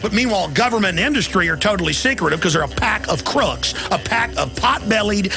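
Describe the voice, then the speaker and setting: A man's voice: sits high, animated, a little fast, creaky, bright, forceful tone, faint music behind. A man hosting a talk show, ranting angrily and mockingly in a monologue.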